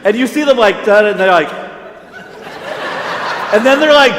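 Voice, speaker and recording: A middle-aged man giving a conference talk in a loose, conversational way, slipping into the voices of the people in his stories. His voice sits a little high for a man. The sound is roomy, with a long reverb trailing off in a big hall. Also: normal speed, pauses often, noisy background. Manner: conversational, animated storyteller acting out quoted voices. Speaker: pastor and conference speaker. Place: large hall.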